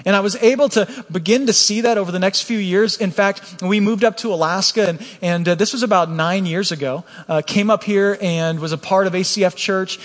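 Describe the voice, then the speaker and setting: A man's voice: sits high, brisk, few pauses, long reverb tail. A man preaching a candid, earnest personal testimony, often restarting his sentences. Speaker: pastor.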